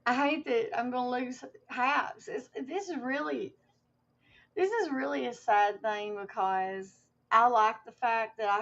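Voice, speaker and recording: A woman's voice: fairly high pitch, dull audio. A woman livestreaming to her viewers in a casual, rambling way, with many fillers and restarts and some emotion.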